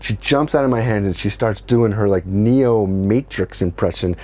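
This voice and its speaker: A middle-aged man with a fairly low voice tells a funny personal story at a moderate pace. He's casual and animated, swears freely, and acts out what people said.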